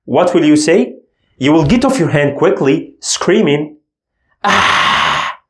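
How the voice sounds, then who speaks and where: A man teaching the alphabet in a language lesson, slowly demonstrating throaty letter sounds. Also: a little high, animated, a little mellow, roomy sound. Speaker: Arabic teacher.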